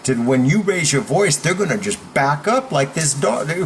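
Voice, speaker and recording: A man coaching viewers at home on standing up for themselves, talking emphatically and demonstrating loud comebacks. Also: on the high side, very animated, normal speed, few pauses, a little hiss or hum. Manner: emphatic, demonstrative, switches into loud role-play shouts. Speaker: self-defense and confidence coach. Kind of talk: instructional video talk. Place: at home with his dogs nearby.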